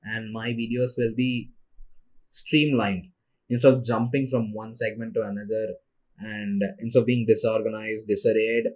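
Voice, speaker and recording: A man's voice: lowish voice, level tone, normal speed, darkish tone. Sleepy young man rambling on a podcast. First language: Tamil. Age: young adult. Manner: rambling and tired, with restarts. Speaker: solo podcast host. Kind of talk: casual monologue.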